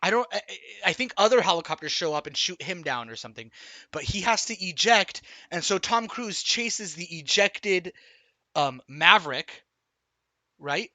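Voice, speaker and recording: A man streaming, recapping a film in an excited, rambling way, swearing often and restarting sentences. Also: sits high, moderate pace, dry recording. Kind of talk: excited casual movie recap.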